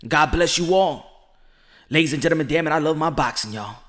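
A man's voice: a little high, brisk, a bit bright. A man hosting his own podcast, talking casually and animatedly, repeating lines for emphasis. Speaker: podcast host. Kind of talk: casual monologue.

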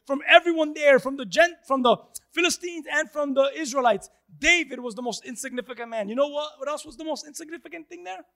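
A pastor preaching to his congregation, swinging between loud emphatic lines and hushed passages. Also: extremely high pitch. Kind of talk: sermon.

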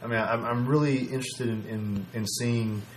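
Guy cohosting a podcast, mid pitch, animated, laughs a lot, bit of hiss. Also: normal speed. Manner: animated, laughing, stumbling restarts. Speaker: podcast co-host. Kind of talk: casual wrestling podcast chat.

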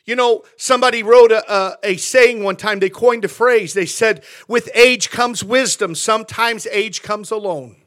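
A middle-aged man delivers a sermon in a loose, conversational style, stumbling over and repeating words as he builds his point. His voice sits high for a man and sounds bright and forceful, and his delivery is animated, like someone telling stories from the pulpit. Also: measured pace, few pauses. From California, USA. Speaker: pastor.

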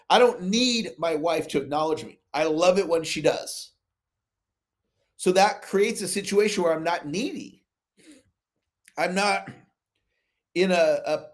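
A man hosting a motivational coaching call over video, telling stories and acting out both sides of his conversations. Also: sits high. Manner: animated storytelling, acts out both sides of dialogues. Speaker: sales coach, call host. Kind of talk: motivational talk on a live call.

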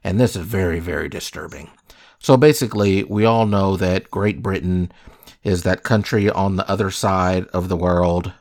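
A man with a slightly low voice chats casually and jokingly. He plays it mock-serious and keeps tossing questions at his co-host. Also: normal speed, darkish tone. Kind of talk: casual comedic chat.

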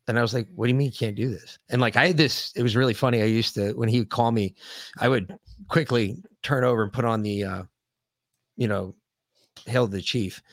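A grieving man co-hosts a podcast in casual talk, his speech halting, emotional and full of profanity and restarts. His voice sits at an ordinary middle pitch. It is recorded close and dry, with no room sound. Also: fairly even intonation, no echo. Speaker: podcast co-host.

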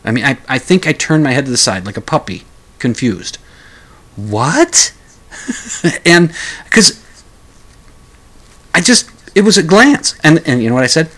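A man's voice: fairly high pitch, very animated, measured pace, long pauses, fairly bright tone. A man hosting a talk radio show, telling a story in a rambling way, with stammered restarts and chuckling asides. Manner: acts out quoted lines in a raised voice.

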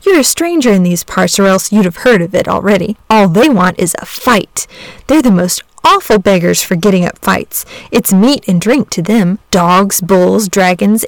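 A woman's voice: medium pitch, no room sound, lightly acted. A woman voicing an earnest young village boy who pleads eagerly for his dragon friend in a storybook reading. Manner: eager, pleading, talks in a rush.

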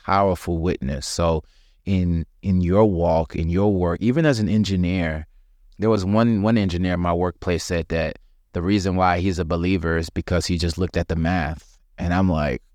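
Deep-voiced man hosting a podcast. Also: moderate pace, dry recording, studio quality. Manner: relaxed, laughs easily, asks questions. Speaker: podcast host. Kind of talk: casual faith conversation.

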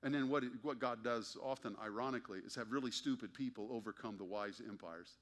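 Bright-voiced man preaching a sermon. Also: medium pitch, fairly quick. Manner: emphatic preaching with wry rhetorical questions. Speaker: pastor.

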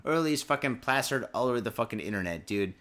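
A man hosts a loose podcast, sipping booze between rambling, profanity-laced riffs. His voice sits at an ordinary middle pitch, and he drifts easily between chatty tangents and reading the news aloud. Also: lively intonation, quick pace, a bit bright. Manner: profane, rambling, laid-back. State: drinking booze while talking. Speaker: podcast host. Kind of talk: casual drinking podcast chat and news reading.

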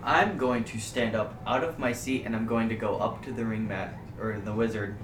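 A man's voice: on the low side, steady tone, normal speed. A man playing a tabletop game, telling the game master what his character does. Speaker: player. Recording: echoey room, distant mic, noise.

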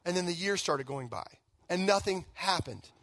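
Male guest pastor, thirties, high-pitched, chatty storytelling sermon, dry close mic. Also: moderate pace, dry recording. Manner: conversational, animated storytelling with fillers. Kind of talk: sermon with personal stories.

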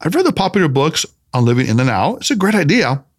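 A man's voice: very animated, fast talker. A man voicing a skeptical adult male doctor in an audiobook, raising his voice into an incredulous, defensive tone. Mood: doubtful. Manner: incredulous, defensive, higher-pitched. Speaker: protagonist character in an audiobook. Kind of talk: audiobook character reading.

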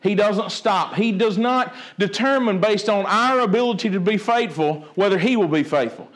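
A male pastor preaching a sermon, acting out the dialogue of the story with a lively voice. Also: high voice, moderate pace. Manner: animated, acts out the dialogue of the story.

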